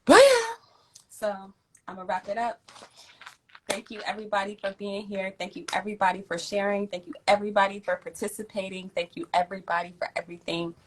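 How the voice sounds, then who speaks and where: A young woman hosts a live stream in a loose, chatty way, full of slang and heartfelt thanks to her viewers. Her pitch sits in an ordinary middle range, and she reads messages aloud with easy enthusiasm. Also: expressive, a little fast, slight background noise, poor audio. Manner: warm, effusive, uses slang and swears, reads chat aloud. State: near tears at times. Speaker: host of a live community stream. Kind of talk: casual livestream chat.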